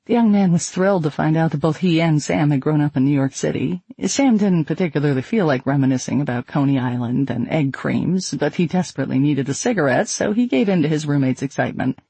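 A man narrating an audiobook in a measured, even storytelling manner. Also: on the high side, gravelly, slightly rough, no echo.

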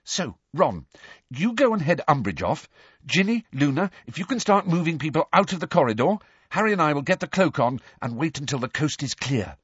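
A man voicing a clever, anxious teenage schoolgirl who organises everyone, in a husky voice. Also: on the high side, sing-song, a little fast, a bit bright, no echo, muffled recording, pitched above the performer's own voice, exaggerated voice. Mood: bossy.

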